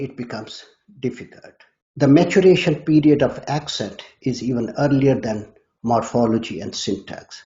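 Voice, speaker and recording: A man with a dark, mellow voice lays out an academic topic step by step, in a measured lecturing manner. He restarts a word now and then. The sound is dull and lo-fi. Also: medium pitch. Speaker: guest expert. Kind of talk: academic explanation. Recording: dull lo-fi audio.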